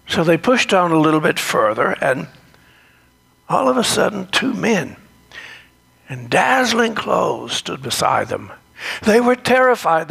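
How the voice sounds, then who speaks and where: A man telling a gentle, reflective devotional story, sometimes dropping into a whisper. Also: on the high side, creaky, husky.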